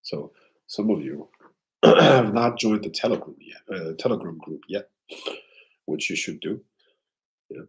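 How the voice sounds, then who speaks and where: A man with a very low voice talks at an unhurried, drawn-out pace as he hosts a casual live stream. He keeps things loose and clears his throat often between thoughts. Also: lively intonation, rough recording.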